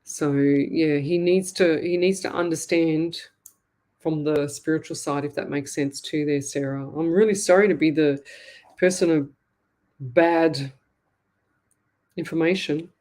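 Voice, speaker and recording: Sympathetic Australian woman psychic, halting. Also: deep voice, steady tone, a little mellow. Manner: sympathetic, halting, repeats herself. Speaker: psychic medium host. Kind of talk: live psychic reading on air.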